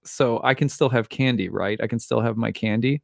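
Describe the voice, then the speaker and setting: A man's voice: medium pitch, fairly quick, vocal fry, no room sound, studio quality, lightly acted. A man voicing a small girl, petulant and childish, quoting her while telling a story. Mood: pleading. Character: small girl, fiery then sweetly pleading.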